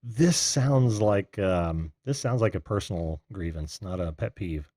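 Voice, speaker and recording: Low-voiced, lively male host who laughs often. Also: no echo, clean studio sound. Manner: laughs often, friendly, halting with fillers. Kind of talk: casual call-in show hosting.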